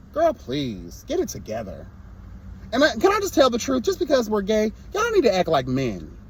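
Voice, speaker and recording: A man's voice: high voice, breathy edge. A young man reviewing a reality show in a casual vlog, sassy and blunt, breaking into mocking impressions.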